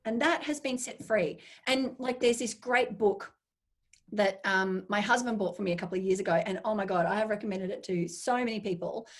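A woman with a husky, slightly breathy voice talks through a relaxed interview. She speaks with enthusiasm and slips into little acted-out asides of her own thoughts. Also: medium pitch, brisk. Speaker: guest. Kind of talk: casual interview chat.

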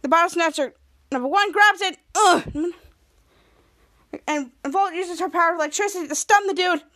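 A woman hosts a podcast and recaps an episode in casual talk. She rambles and restarts her sentences often. Her voice sits very high. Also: fast talker, sharp tone. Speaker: podcast host.

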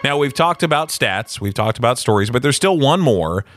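An upbeat male podcast co-host with a lively, rising and falling voice. He keeps things conversational and moves the talk along with questions. His sound is dry and close. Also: medium pitch, normal speed, dry recording, faint music behind. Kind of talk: casual podcast chat.

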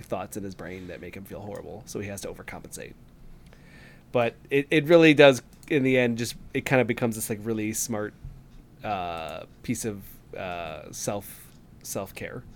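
A man co-hosting a podcast, chatting casually in a halting, rambling way with lots of fillers, sometimes acting out lines in quick voices. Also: medium pitch. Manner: acts out game dialogue in quick voices. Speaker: podcast co-host. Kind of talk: casual chat.

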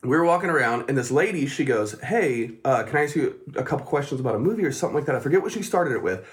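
A man's voice: mid-range voice, animated, rapid-fire. A man casually telling a long, profane story on a podcast and laughing often as he talks. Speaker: podcast co-host.

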